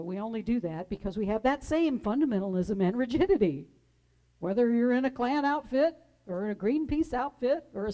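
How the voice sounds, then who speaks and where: A woman's voice: a little high, poor audio. Woman minister telling sermon stories. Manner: gentle, measured, dramatic in quotes. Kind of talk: sermon storytelling.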